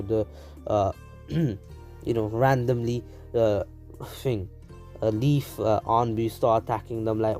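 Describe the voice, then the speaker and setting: Rambling man with a dark, mellow voice. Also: medium pitch. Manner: rambling, full of fillers. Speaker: storyteller. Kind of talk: casual fan story narration.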